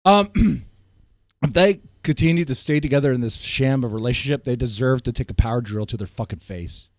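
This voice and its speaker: A man streaming live, ranting at his chat in a heated, swinging way, his voice strained and often cleared. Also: animated, a little fast, no echo. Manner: heated, swings from loud outbursts to low muttering. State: voice strained, keeps clearing throat. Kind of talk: ranting livestream commentary to chat.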